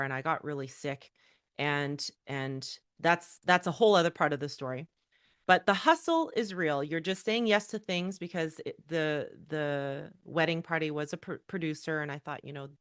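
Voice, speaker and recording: Woman, middle-aged, workshop speaker; low voice, conversational and candid, dry close mic. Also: a bit bright, dry recording. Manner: candid, conversational, with frequent fillers and rhetorical questions. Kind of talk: personal storytelling talk to an audience.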